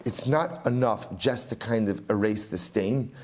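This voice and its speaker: In an animated Talmud study lecture, a middle-aged rabbi threads Aramaic and Hebrew through his explanations and repeats phrases for emphasis. He speaks on the low side, at a measured pace.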